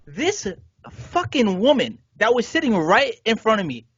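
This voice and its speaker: Husky-voiced man telling a story, animated. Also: sits high, unhurried, no room sound, lo-fi sound. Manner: animated, indignant retelling with swearing. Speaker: podcast co-host. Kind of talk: casual podcast storytelling.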